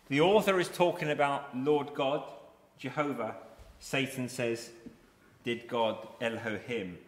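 Guy preaching, reads the verses then explains em, bright voice, big echoey hall. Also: medium pitch. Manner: expository, reads scripture aloud then explains it. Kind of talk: sermon.

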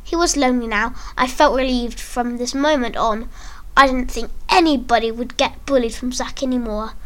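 A woman reading a first-person story aloud in an earnest, expressive way. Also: on the high side, moderate pace. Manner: earnest, expressive read-aloud with acted quotes.

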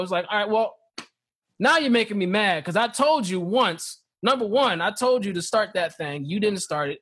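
A man in a casual Bible discussion, reading scripture slowly and acting out the dialogue with animation. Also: high voice, animated, a bit bright, husky. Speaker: podcast co-host teaching scripture.

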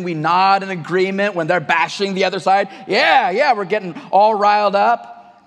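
A male pastor preaching a conversational sermon to his church, often restarting and repeating words. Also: high voice. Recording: long hall reverb.

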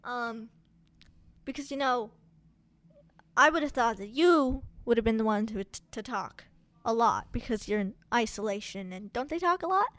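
A woman casually recapping a film plot in chatty, animated storytelling. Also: on the high side, normal speed, dry recording.

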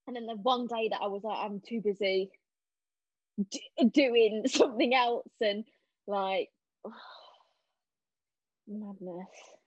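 A young woman chatting casually as a podcast guest, telling animated stories and acting out what people said. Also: mid-range voice, slow pace, pauses often, no room sound. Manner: animated storyteller, acting out quotes. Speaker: podcast guest, stage actress. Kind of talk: casual chat. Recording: dull lo-fi sound.

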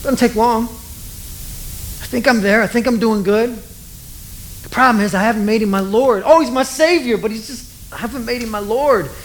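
A preacher delivering a relaxed, conversational sermon. They tell stories and poke fun at themselves in a mid-pitched voice. A faint hiss of noise sits under the voice. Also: moderate pace, low-quality recording. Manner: conversational, self-deprecating, storytelling.

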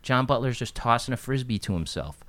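A man hosting a casual podcast, telling profane, animated stories and acting out what people said. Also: mid-range voice, fairly quick, no room sound. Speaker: podcast host. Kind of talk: casual storytelling chat.

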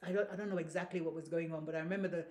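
A woman's voice: on the low side, steady tone, very fast, darkish tone. A woman from Grenada, a guest telling casual family stories, rambling with many restarts and fillers. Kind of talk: casual storytelling. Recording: roomy echo.

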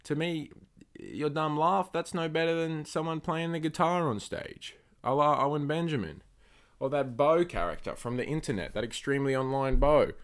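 A man hosting his own solo podcast, rambling and swearing through rants that flare up loud and high when he gets angry. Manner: rambling, profane, ranting. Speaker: podcast host.

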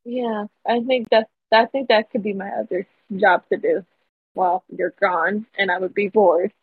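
Young woman, podcast co-host, husky and fairly high, giggly and halting, dull lo-fi mic. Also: steady tone. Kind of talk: casual chat.

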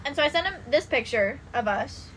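A young woman co-hosting a casual chat, animated and swearing, acting out texts from an ex. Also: high voice, fairly quick, a little hiss or hum. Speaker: podcast co-host.

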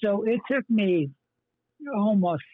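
A male pastor, a guest in an interview, speaks slowly in a high-pitched voice as he sincerely tells the story of his life. He wanders, restarting often and using many fillers, and the sound is tinny like a phone line, with no echo.

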